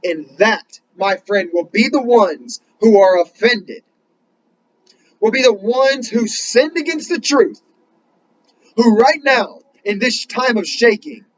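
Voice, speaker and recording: Earnest male preacher, high-pitched, builds to emphatic questions and reads scripture slowly; muffled recording. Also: a little hiss or hum. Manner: reads scripture slowly in King James wording. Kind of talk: sermon.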